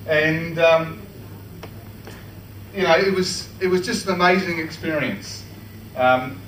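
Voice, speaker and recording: Speaking slowly in a fairly high, somewhat bright voice, an Australian man addresses a club meeting with a comic story from his own life, chatty, laughing, and frequently restarting. The recording is distant and noisy, with the echo of a large meeting hall.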